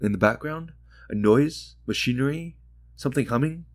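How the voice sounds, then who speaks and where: A man's voice: medium pitch, normal speed, no room sound, studio quality, pitched above the performer's own voice, close to an everyday voice. A man putting on a grief-raw, furious mother. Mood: bitter. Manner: raw, shouting, bitter. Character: grieving furious mother, middle-aged woman.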